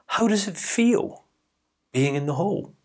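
A brisk, polite lady counsellor, as a man puts her on, sounding businesslike and detached. Her voice sits high and swoops about. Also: expressive. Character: brisk woman therapeutic counsellor.

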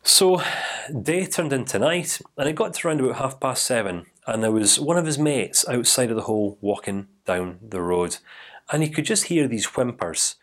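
A man who works as a life coach, telling a parable in an animated, dramatic way with frequent restarts. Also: medium pitch, normal speed. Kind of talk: storytelling to camera.

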